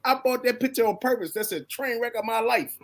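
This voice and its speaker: A woman from East Baltimore with a Baltimore accent, speaking forcefully and preachily on a talk panel. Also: a little high, brisk, noisy background. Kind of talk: casual talk show discussion.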